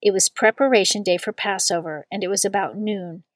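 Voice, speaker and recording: A woman giving a steady, measured scripture reading. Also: mid-range voice, no room sound.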